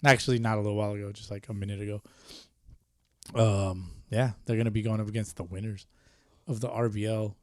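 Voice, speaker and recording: Loud, cussing man hosting a podcast. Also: lowish voice, steady tone, fast, no room sound, clean studio sound. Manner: profane, joking, loud bursts. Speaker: podcast host. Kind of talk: casual podcast banter.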